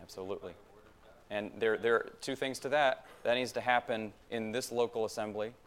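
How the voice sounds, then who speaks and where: A man's voice: lowish voice, steady tone, a little fast, a bit bright, clean tone. A man preaching a sermon in a church, talking conversationally, asking the congregation rhetorical questions and repeating phrases for emphasis. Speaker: pastor.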